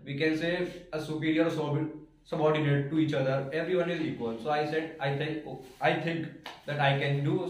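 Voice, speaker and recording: Indian man, halting in an echoey room. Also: a little high. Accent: Indian English. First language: Hindi. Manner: halting, with frequent restarts and fillers. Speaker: student giving a testimonial. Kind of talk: prepared speech to a class. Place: classroom, indoors. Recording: echoey room from a distant mic.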